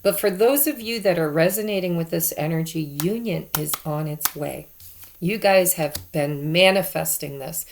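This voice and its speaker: A woman's voice: low-pitched, normal speed, vocal fry, slight background noise. A woman giving a casual tarot card reading to her viewers, chatty and repeating herself for emphasis. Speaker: tarot reader.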